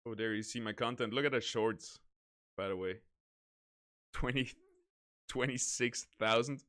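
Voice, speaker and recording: A man streaming games, chatting casually in a relaxed, rambling way. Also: medium pitch, unhurried. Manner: relaxed, rambling, self-correcting. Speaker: game streamer.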